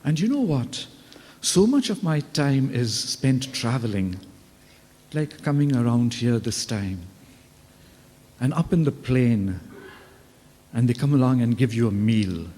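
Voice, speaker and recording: A man speaking slowly and warmly, telling stories in an earnest, unhurried way. His voice carries a long reverb, as if he were addressing students in a big school hall. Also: mid-range voice, expressive. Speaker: religious brother giving a talk to students. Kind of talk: storytelling address.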